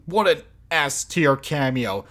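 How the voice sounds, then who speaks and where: Male reviewer, sarcastic and crude, very animated delivery. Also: a little high, slow. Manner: mocking, exasperated, swearing. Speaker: video reviewer. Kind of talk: sarcastic commentary over clips.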